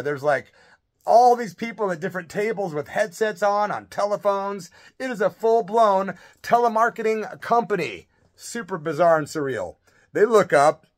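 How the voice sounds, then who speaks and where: A middle-aged man, a former rock musician, telling a rambling, animated story in a casual vlog. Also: on the high side.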